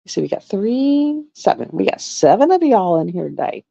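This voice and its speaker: A woman telling stories on a live stream in a casual, animated way, laughing and acting out voices. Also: medium pitch, moderate pace, gravelly, no echo. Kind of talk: casual storytelling chat. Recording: dull lo-fi sound.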